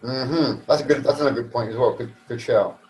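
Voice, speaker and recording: A man with an ordinary mid-pitched voice talks on a fan podcast. He speaks assertively, often cutting in with short, firm replies. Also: fairly quick, a little mellow, rough recording. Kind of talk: casual fan podcast chat.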